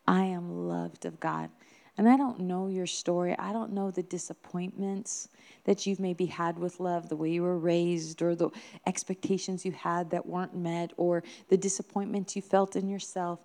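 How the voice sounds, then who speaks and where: A woman's voice: on the low side, flat delivery, normal speed, warm tone. A woman minister preaching a sermon in an earnest, emphatic way, building her points with repeated phrases.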